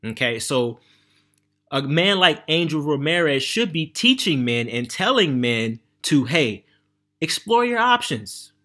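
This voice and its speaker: Emphatic man with a bright voice. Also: on the high side, expressive, unhurried. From United States. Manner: emphatic, keeps checking in with listeners. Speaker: travel and finance vlogger. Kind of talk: casual monologue to camera.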